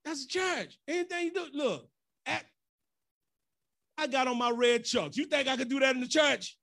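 Man, pastor, high voice, casual joking sermon. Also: normal speed, gravelly, a bit bright. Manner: loose and joking, slips into church voices. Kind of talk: conversational sermon.

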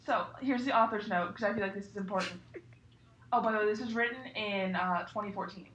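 A woman's voice: medium pitch, fairly quick, fairly bright tone, lo-fi sound. A young woman in casual chat with friends, talking in a playful way with laughing asides. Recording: echoey room with faint background noise.

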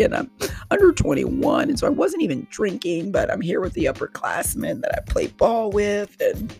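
A woman hosting a solo podcast, telling a personal story in an animated way, with frequent exclamations and laughing at herself. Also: extremely low pitch, vocal fry. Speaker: podcast host.

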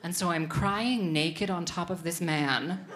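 A young adult woman does a stand-up set for a live audience, tossing self-mocking, deadpan asides to the crowd. Her voice sits on the low side and she speaks unhurriedly.

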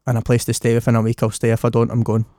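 A man's voice: medium pitch, monotone, racing, mellow, no echo, clean studio sound. A Scottish man in his twenties, a DJ guest on a podcast, telling stories in casual, sweary chat. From Scotland. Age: 20s. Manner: swearing, storytelling, lots of "aye".

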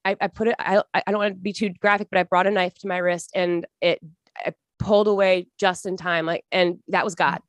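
A woman's voice: fairly low pitch, flat delivery, fairly quick, no room sound. A young woman being interviewed as a podcast guest, telling her story in an earnest, emotional, rambling way with many restarts.

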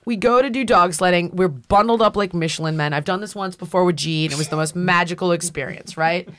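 A woman's voice: fairly low pitch, brisk, no room sound. A middle-aged woman hosting a podcast, telling a story in casual chat and acting out what people said. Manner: animated storyteller, acts out quotes. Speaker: podcast host.

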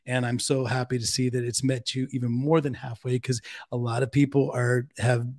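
A man's voice: mid-range voice, little pitch movement, moderate pace. Enthusiastic man hosting a chat show. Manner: warm, enthusiastic, addresses the audience directly. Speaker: host. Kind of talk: casual chat.

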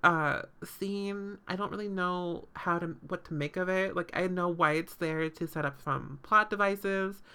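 A woman's voice: fairly low pitch, unhurried, few pauses, pushed and bright, clean tone. A woman hosting a podcast, recapping a show in casual, sarcastic chat full of fillers and swearing.

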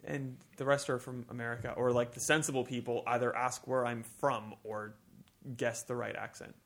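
A man's voice: medium pitch, little pitch movement, moderate pace, gravelly, a bit bright. A man with a Canadian accent blurred by long years abroad. He co-hosts a casual podcast and talks in a chatty, self-mocking way, leaping into little acted-out quotes. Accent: Canadian, softened by years in Australia. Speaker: podcast co-host. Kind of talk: casual chat.

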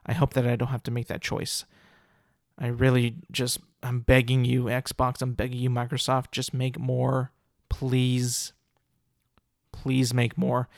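Solo male podcaster, fed-up rant, dry close mic, middle pitch. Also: no room sound. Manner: exasperated, ranting, many fillers and restarts. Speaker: podcast host.

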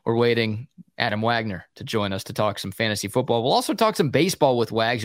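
A male sports talk radio host with a mid-range pitch and a dry, close studio sound. He talks with energy and enthusiasm, rattling off stats in casual analysis. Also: no echo. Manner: energetic, quick with stats, enthusiastic about the standings.

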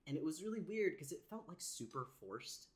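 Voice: medium pitch, very animated, fairly quick. A podcast co-host in casual movie-recap chat, playful and full of hypothetical questions.

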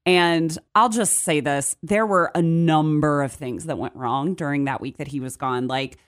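A young adult woman co-hosting a podcast, telling a story in casual chat with animated delivery. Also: deep voice, normal speed. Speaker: podcast co-host.

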